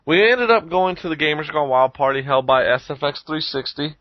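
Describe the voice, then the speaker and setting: A man's voice: a little high, brisk, dry recording. A man co-hosting a podcast, telling a story in casual chat, swearing a lot and acting out what others said. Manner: animated storytelling, swears a lot, acts out quotes. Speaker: podcast co-host. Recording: dull lo-fi recording.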